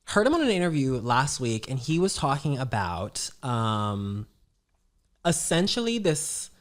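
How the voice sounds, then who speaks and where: A podcast host chatting casually, playful and animated, often repeating short phrases. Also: medium pitch, unhurried. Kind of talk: casual chat.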